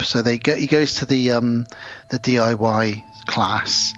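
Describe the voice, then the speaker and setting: A man's voice: medium pitch, fairly even intonation, measured pace, a bit bright. A man co-hosting a podcast, casually retelling a film plot with sweary asides and acted-out quotes. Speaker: podcast co-host. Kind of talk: casual film recap chat. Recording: dull lo-fi podcast audio.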